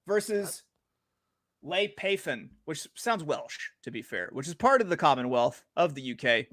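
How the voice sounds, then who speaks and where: Bright, hyped man talking bets. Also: fairly high pitch, sing-song, unhurried. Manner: hyped, jokey, swings loud on names. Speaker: podcast co-host. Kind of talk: casual sports betting chat.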